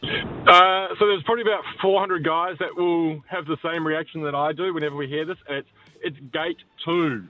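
A male caller with a mixed New Zealand and Australian accent, ambling through his story with ums and uhs. His slightly high voice comes through a dull, muffled phone line, with music faintly behind. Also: fairly even intonation, moderate pace. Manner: hesitant, rambling with fillers.

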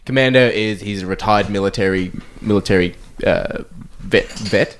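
A man co-hosting a casual podcast chat, retelling film scenes with animated energy and laughter. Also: on the low side, normal speed, slight background noise. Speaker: podcast co-host.

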